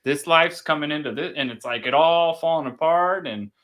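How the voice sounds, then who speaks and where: A man's voice: fairly high pitch, normal speed, fairly bright tone. A man in casual chat, hosting and retelling a movie in a rambling, profane way. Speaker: podcast host.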